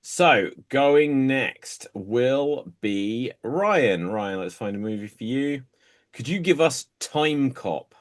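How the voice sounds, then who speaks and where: A man hosting an online improv show over a video call, announcing in a slow, drawn-out way. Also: medium pitch, animated. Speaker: host.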